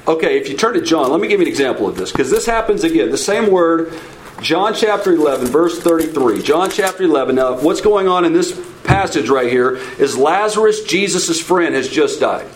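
A man's voice: a little high, expressive, a little fast, slight background noise, rough recording. A man teaching a casual Bible study, talking informally, repeating himself, checking in with "okay?" and putting questions to the group. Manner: asks the audience questions.

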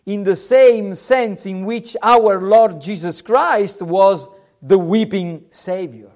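Male preacher, high voice, slow deliberate sermon delivery. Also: a little mellow. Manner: slow, emphatic preaching with rising and falling force, some hesitations.

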